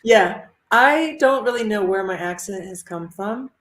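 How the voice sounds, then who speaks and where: A woman from Ohio speaks over a video call in a measured, thoughtful way, pausing to find her words. Her voice sits at a middling pitch, and the room around her adds a noticeable echo. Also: lively intonation, slight background noise. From Ohio, United States. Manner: measured, thoughtful, with pauses and fillers. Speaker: interview guest, mindful movement teacher. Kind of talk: casual interview answers. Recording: roomy echo.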